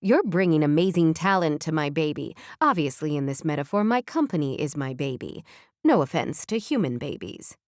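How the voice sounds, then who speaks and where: A woman's voice: deep voice, big pitch swings, normal speed, no echo, voice pushed down. A woman voicing a confident, brash female boss in an audiobook, speaking bubbly and bossy in a dry, close recording. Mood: exuberant.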